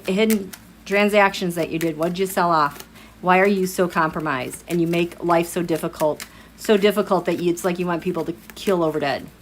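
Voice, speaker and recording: A woman giving a live-streamed tarot reading in an animated, exasperated way, speaking straight at the people she reads about. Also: lowish voice, slight background noise. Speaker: tarot reader.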